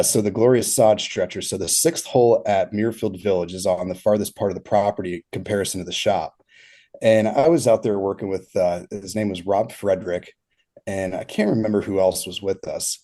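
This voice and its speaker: A man's voice: on the low side, dark tone. A man in his thirties, a turf consultant as a podcast guest, telling rambling stories full of fillers and laughs. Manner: rambling, filler-heavy storytelling with frequent laughs. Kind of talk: casual interview storytelling.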